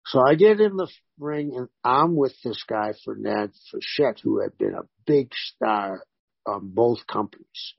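A man, a former pro wrestler, telling animated stories in a casual interview and voicing the people in them. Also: medium pitch, measured pace, vocal fry, slightly rough, dry recording, dull audio. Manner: animated anecdotes with voiced quotes.

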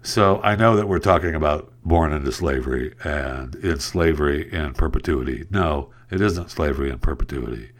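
A sarcastic man hosts a solo news podcast, talking in a very low, deep voice. He rambles from story to story and trips over words as he goes. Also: moderate pace, hardly any pauses. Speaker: podcast host. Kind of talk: casual solo podcast commentary.

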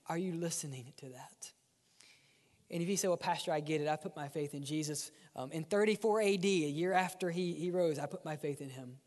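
A male pastor preaching a sermon, swinging between loud, driven lines and hushed, near-whispered ones. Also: sits high, big-room sound. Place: church sanctuary.

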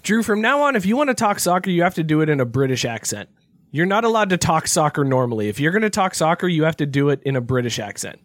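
A man's voice: on the high side, big pitch swings, fast, fairly bright tone, no echo. A man hosting a sports podcast over a remote call, bossy and teasing with his co-hosts. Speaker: podcast host. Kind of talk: casual sports chat. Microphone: remote call mic.

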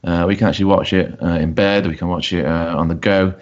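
A man hosting a casual podcast, relaxed and halting, with plenty of ums. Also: deep voice, highs cut off. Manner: relaxed, hesitant with many ums. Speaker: podcast host.

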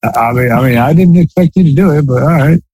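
A man's voice: on the high side, quick pace, a little mellow, slightly rough, no room sound, poor audio. A man co-hosting a podcast in casual chat, rambling with lots of fillers and restarts. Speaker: podcast co-host.

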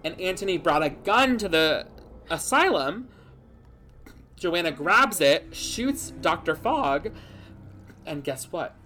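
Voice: mid-range voice, sing-song, slow, long pauses, pushed and bright, soft background music. A podcast host giving a comic, rambling plot recap with dramatic "guess what" beats.

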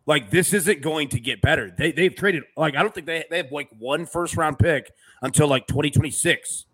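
Guy hosting a betting show, bright tone, rambly, lots of "like" and "you know". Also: a little high, moderate pace, breathy edge. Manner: loose, filler-heavy, reads chat comments aloud. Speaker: podcast host. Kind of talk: casual sports betting chat.

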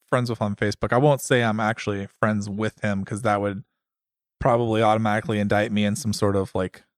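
A man's voice: lowish voice, flat delivery, brisk, dry recording, studio quality. A man co-hosting a casual podcast, joking, swearing and putting on mock accents, still recovering from a concussion. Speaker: podcast co-host. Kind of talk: casual chat.

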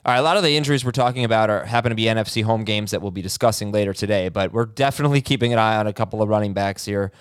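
A man hosting a fantasy football chat, reading quick injury updates and stats with a dry sarcastic streak. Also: on the low side, smooth, dry recording. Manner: quick stat-heavy delivery, dry sarcasm. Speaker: podcast host.

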